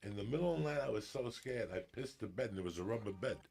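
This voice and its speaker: A New Jersey man in his fifties, a guest on a podcast, tells a story while swearing freely and animatedly acting out the people and quotes in it. His voice is lowish with vocal fry, and he talks fast. Slight background noise is audible.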